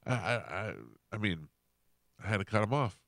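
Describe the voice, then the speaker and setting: A man hosting a radio show, telling a story in a casual, animated way and acting out what people said. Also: on the low side, moderate pace, no echo, clean studio sound. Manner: animated, acts out quotes in shifting voices. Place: radio studio. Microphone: studio microphone.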